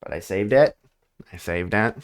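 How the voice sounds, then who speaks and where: A man hosts a loose, casual podcast chat with a friend, laughing often. His voice sits somewhat low, and he bursts into loud comic bits and impressions. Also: normal speed. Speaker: podcast host.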